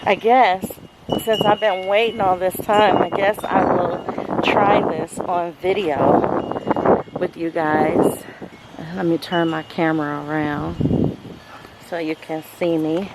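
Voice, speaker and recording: A woman's voice: lowish voice, steady tone, slow, very noisy. A middle-aged woman chatting casually to viewers from her backyard garden, speaking into a handheld phone camera. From Southern California. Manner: chatty, addresses viewers as "you guys", savoring while tasting. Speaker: homesteading vlogger.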